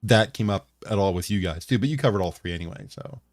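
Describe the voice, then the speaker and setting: A man with a somewhat low voice talks casually as a show co-host. He rambles and jokes. His voice sounds dry and close, with no room around it. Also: animated, quick pace, no echo. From United States. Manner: rambling, jokey, greets chat viewers. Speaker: podcast co-host. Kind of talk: casual chat.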